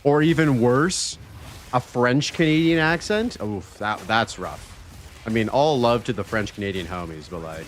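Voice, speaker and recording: A man streaming a video game live, chatting casually with his viewers, excitable and swearing freely. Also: medium pitch, moderate pace, slight background noise. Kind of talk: casual live-stream chat while gaming.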